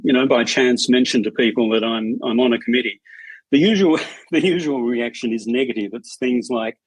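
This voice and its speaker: A man, a strata committee chair, speaking as a podcast guest in a measured, anecdotal way with dry humour. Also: mid-range voice, husky, no room sound, poor audio. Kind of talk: conversational interview storytelling.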